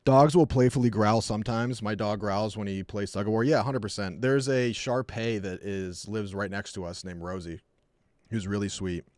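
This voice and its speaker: A man chatting casually on a live stream, telling rambling, jokey stories and dropping into quick put-on voices. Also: fairly low pitch, steady tone, a little mellow, dry recording.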